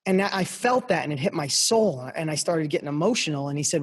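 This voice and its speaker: A man's voice: fairly high pitch, a little fast, breathy edge. A middle-aged man guesting on a podcast, telling a personal story in a passionate, emphatic motivational style and speaking straight to the listeners. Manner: passionate, emphatic, repeats phrases for punch.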